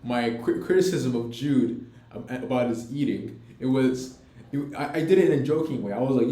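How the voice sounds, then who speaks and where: A man's voice: mid-range voice, normal speed, mellow. A young man chatting as a podcast co-host, telling a story with laughs and swearing. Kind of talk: casual chat. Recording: roomy echo.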